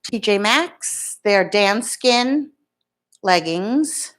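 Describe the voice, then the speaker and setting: A woman's voice: mid-range voice, animated, extremely slow, fairly bright tone. A woman in her fifties, chatting casually and rambling as she talks to her viewers by name at home. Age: 50s. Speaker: beauty vlogger. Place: home in Florida.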